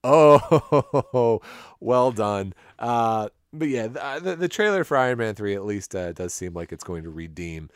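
A man's voice: mid-range voice, expressive, measured pace, clear, resonant tone, no room sound, clean studio sound. A man hosting a casual movie trailer podcast, easygoing and leading each segment. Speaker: podcast host.

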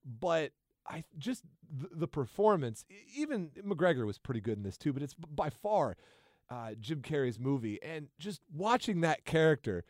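A man's voice: a little high, very animated, moderate pace, no room sound, studio quality. A man co-hosting a podcast, chatting casually and enthusiastically about movies with frequent restarts. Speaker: podcast co-host.

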